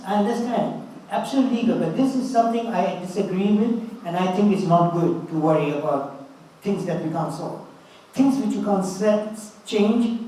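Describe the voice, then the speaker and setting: A man's voice: high voice, mellow. A man in his eighties giving an earnest, fatherly spiritual talk, telling stories to his listeners. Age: 80s. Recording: roomy, distant mic with faint ambience.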